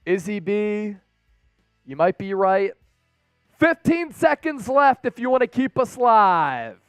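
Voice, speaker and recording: Hyped high-voiced male stream host. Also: very animated, slow pace, clear, resonant tone, no echo, studio quality, faint music behind. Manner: hyped, talks straight to the viewers. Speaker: sports live-stream host. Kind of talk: casual live-stream chat reading viewer donations.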